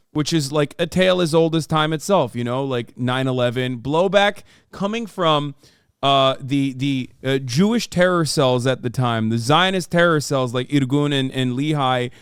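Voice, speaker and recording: A man's voice: mid-range voice, clean tone, no echo, studio quality. A man streaming reaction commentary, heated and sarcastic, swearing often.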